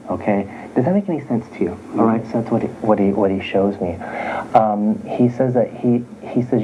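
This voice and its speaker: Low-voiced man giving a medium reading. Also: fairly quick, noisy background. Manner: chatty, circling back and restating points. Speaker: psychic medium. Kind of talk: live reading to sitters. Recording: dull lo-fi recording.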